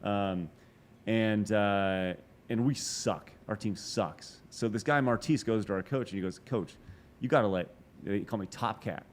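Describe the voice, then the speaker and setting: A man in his forties telling a long story as a podcast guest, animated and profane, with quick asides and restarts. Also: on the low side, slight background noise. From Texas. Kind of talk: casual storytelling interview.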